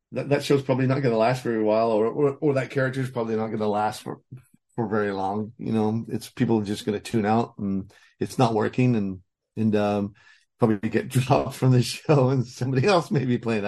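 A man's voice: fairly low pitch, fairly even intonation, moderate pace, dark tone. A man, a voice actor being interviewed, talks in a rambling, casual way with many restarts and frequent laughter. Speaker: voice actor guest.

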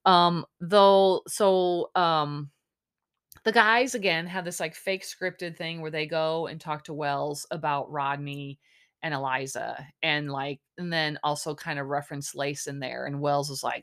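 A woman's voice: deep voice, steady tone, moderate pace, a bit bright. A woman hosting a podcast, recapping a dating show in casual chat, exasperated and sarcastic with lots of fillers. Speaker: podcast host.

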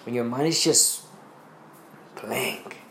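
A man's voice: medium pitch, takes it slowly, bright, forceful tone, echoey room, a little hiss or hum. A man hosting a podcast, talking about his spiritual outlook in a rambling, earnest way full of restarts. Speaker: podcast host. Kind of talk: casual spiritual monologue.

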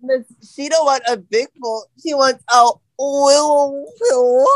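A woman's voice: sits high, fairly even intonation, slow, low-quality recording. A woman co-hosting a podcast, joking and teasing in casual chat. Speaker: podcast co-host.

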